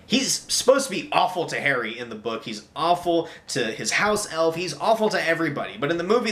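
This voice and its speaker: A young man giving a casual spoken movie review, animated and exasperated, saying "like" a lot. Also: high voice, echoey room.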